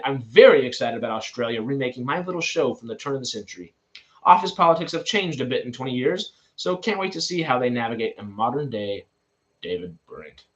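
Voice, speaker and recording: A man's voice: mid-range voice, animated, brisk, a bit bright. Young man rambling over film news. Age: 20s. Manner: reads news items, then rambles with asides and restarts. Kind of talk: casual news commentary.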